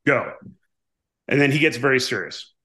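Animated man telling a story. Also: mid-range voice, moderate pace. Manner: animated storyteller, acts out quoted dialogue, frequent "right?". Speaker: guest, author and former navy pilot. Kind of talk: casual storytelling interview.

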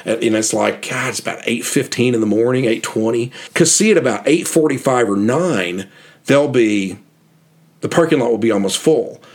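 A man's voice: medium pitch, lively intonation, normal speed. A middle-aged man hosting a podcast, telling stories in a casual, rambling, enthusiastic way. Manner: rambling, enthusiastic, repeats words and restarts. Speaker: podcast host and guidebook author. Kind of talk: casual storytelling monologue.

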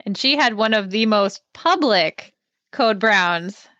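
A woman's voice: mid-range voice, animated, slow, pushed and bright, no echo. Female co-host, cheerful, lo-fi dry recording. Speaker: podcast co-host. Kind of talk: casual podcast chat.

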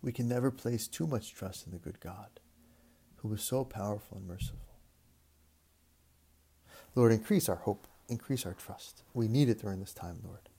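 A man preaching a reflective sermon, speaking in a measured way with repeated phrases and long pauses. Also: fairly low pitch, mellow, breathy edge.

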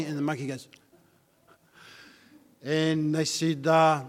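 A man's voice: fairly high pitch, steady tone, a little slow, long pauses. A man preaching a sermon in a church hall. He tells a story in a loose, conversational way and presses his listeners with repeated rhetorical questions. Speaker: pastor. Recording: long hall reverb.

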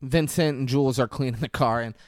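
A man's voice: medium pitch, brisk, dry recording, clean studio sound. A man co-hosting a podcast, recapping a film in casual, profane chat. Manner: animated, profane storytelling. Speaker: podcast co-host.

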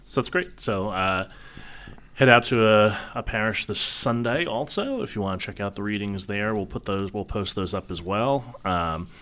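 A man's voice: on the low side, animated, normal speed, a bit bright. A middle-aged man from New York City co-hosting a casual faith talk show, chatty, telling anecdotes and reading scripture. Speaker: co-host.

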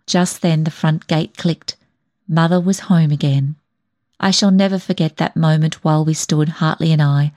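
A woman narrating a novel in a gentle, reflective tone. Her voice sits a little low and unhurried, steady throughout the telling. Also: dry recording, studio quality. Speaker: audiobook reader. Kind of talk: audiobook narration.

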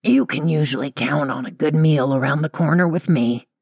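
A woman doing a gravelly, drawling older boss. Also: a bass voice, fairly bright tone, no room sound, studio quality, full character voice. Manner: slow drawl.

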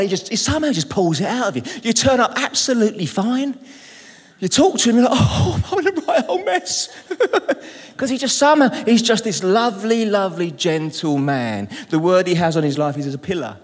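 A middle-aged British man preaching a sermon in a church, lively and humorous, calling out to the congregation. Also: a little high. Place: church hall. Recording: long reverb in a large hall.

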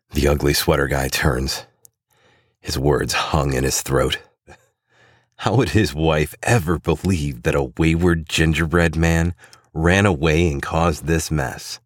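Very deep-voiced male storybook narrator. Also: slow, dry recording, studio quality.

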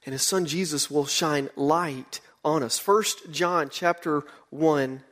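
A man, preaching a sermon and telling a lively mission-trip story. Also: slow pace. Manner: animated storyteller, voices quotes with rising pitch. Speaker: pastor.

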